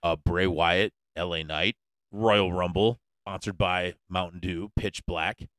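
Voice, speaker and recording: A man's voice: deep voice, fairly even intonation, slow, fairly bright tone, no echo. A man hosting a podcast, chatting casually and interviewing his co-host in a playful, mock-formal way. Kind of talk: casual chat.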